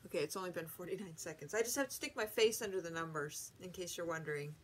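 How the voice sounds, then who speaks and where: A woman's voice: fairly low pitch, fast talker, a little hiss or hum. A woman hosting a home video, chatting casually and correcting herself as she unboxes a gadget. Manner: chatty, rambling, self-correcting. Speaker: vlog host.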